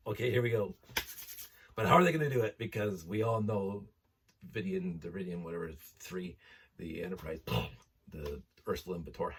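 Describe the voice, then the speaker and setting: A man's voice: on the low side, husky, far from the mic. A man in his fifties chatting casually as host, rambling and enthusiastic, laughing often as he talks. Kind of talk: casual chat.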